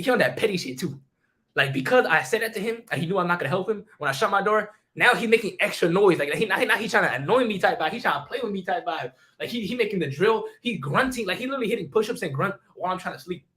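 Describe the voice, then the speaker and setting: A young man on a stream tells a story at breakneck speed in a bright, sharp voice. His slang is profane, and he keeps repeating himself and restarting lines. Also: high-pitched.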